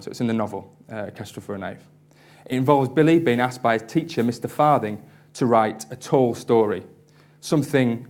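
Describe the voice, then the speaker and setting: Male lecturer, mid-pitched, measured and articulate, public talk. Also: a little mellow. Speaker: university lecturer. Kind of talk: public lecture with read-aloud passages.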